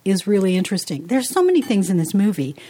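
A woman co-hosting a relaxed podcast conversation. She talks in a chatty, meandering way, circling back with restarts and side remarks, her voice sitting in an ordinary middle register. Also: mid-range voice, quick pace. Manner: chatty, rambling with restarts and asides. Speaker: podcast co-host. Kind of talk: casual conversational chat.

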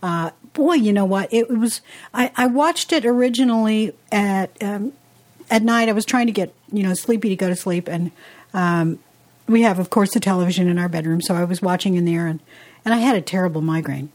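A woman's voice: medium pitch, a little fast, a little mellow. A woman co-hosting a casual podcast chat, talking in a rambling, chatty way with asides and restarts. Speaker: podcast co-host.

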